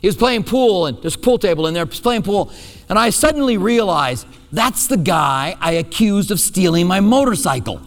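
Man, pastor, sermon, storytelling, high-pitched, long hall reverb. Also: normal speed, gravelly. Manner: storytelling, animated, self-deprecating.

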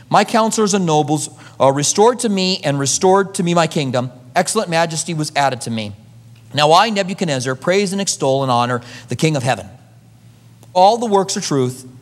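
A man preaching a sermon, moving between loud emphasis and hushed asides, then leading a prayer. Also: fairly high pitch, big-room sound. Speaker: pastor.

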